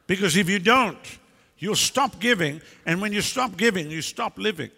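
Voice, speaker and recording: Gravelly high-voiced preacher man, blunt. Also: animated, moderate pace, pushed and bright. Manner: emphatic, blunt, scolding bursts. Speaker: pastor. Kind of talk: preaching a sermon. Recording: long hall reverb.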